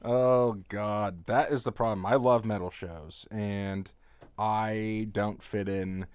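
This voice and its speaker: A man in his thirties chatting casually as a podcast co-host, an animated storyteller who laughs often. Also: fairly low pitch, extremely slow, clear, resonant tone, no echo, studio quality. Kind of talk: casual chat.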